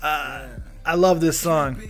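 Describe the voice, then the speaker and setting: A man's voice: on the high side, fairly even intonation, takes it slowly, faint music behind. Chatty man hosting a live show. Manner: rambling, self-deprecating, jokey. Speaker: host. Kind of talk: casual live-show talk.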